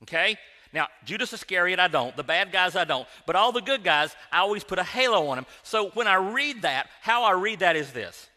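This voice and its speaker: A man's voice: high voice, expressive, brisk, sharp tone, in a large hall. A man preaching in a conversational, joking style, speaking directly to his congregation in a church sanctuary. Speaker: pastor. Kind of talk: sermon.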